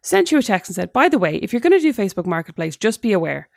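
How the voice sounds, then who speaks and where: Animated woman telling a story. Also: medium pitch, fast, gravelly, no echo, clean studio sound. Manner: animated storytelling, mimicking others. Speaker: podcast co-host. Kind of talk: casual chat between sisters.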